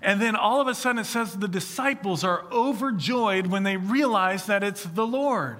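A man preaching a sermon, reading scripture and then retelling it in a lively, conversational way with acted-out quotes. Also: sits high, moderate pace. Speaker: pastor.

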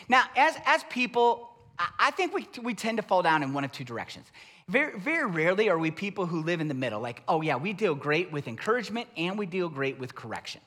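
A middle-aged man preaching a sermon as pastor, conversational and animated, rising into emphatic raised bursts. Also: fairly high pitch.

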